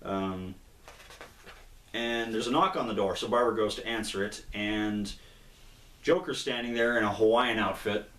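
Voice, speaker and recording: A man's voice: fairly low pitch, moderate pace, pauses often, a bit bright. A man casually retelling a comic book's plot in a rambling way, with lots of fillers and acted-out quotes. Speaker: comic book reviewer, co-host. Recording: echoey room.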